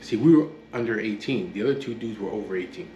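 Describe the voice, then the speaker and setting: A man's voice: lowish voice, fast, dark tone. A man tells his story in a blunt, matter-of-fact way, swearing freely. He plays the other people's lines in his own voice. The room echoes, and a faint hum sits behind him. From Los Angeles area. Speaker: guest telling his life story. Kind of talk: casual personal storytelling.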